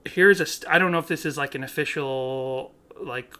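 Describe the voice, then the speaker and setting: Male podcast co-host, bright tone, rambling casual delivery. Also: a little high, moderate pace. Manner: rambling, laughs often, self-correcting. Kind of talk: casual chat.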